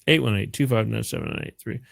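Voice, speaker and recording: A man's voice: fairly low pitch, expressive, fast talker, creaky. Chatty man hosting a call-in show. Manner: rambling, chatty, laughs often, repeats phone number. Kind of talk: casual call-in radio chat.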